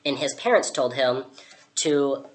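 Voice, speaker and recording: Low-voiced young woman telling a sarcastic story. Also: unhurried. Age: young adult. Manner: chatty, sarcastic, lots of "like". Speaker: vlogger playing Alice. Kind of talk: storytelling character vlog.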